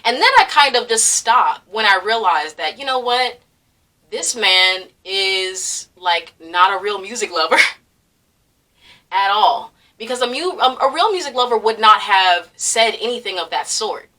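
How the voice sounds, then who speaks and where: A woman's voice: mid-range voice, expressive, measured pace, sharp tone, distant mic. A young woman ranting in a heated commentary, swearing freely, laughing now and then, and piling on fillers. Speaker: commentary vlogger.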